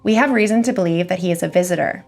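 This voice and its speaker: A gruff, stern government man with an American Western drawl, as a woman reads him out, talking slowly and bluntly. The voice sits low with a gravelly edge, and soft music plays behind it. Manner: slow, blunt and commanding.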